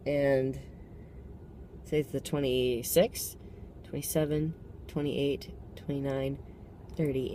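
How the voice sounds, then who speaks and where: A man in his thirties giving a heartfelt personal vlog reflection, pausing to count and correct himself. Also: mid-range voice, flat delivery, dark tone, a little hiss or hum. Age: 30s.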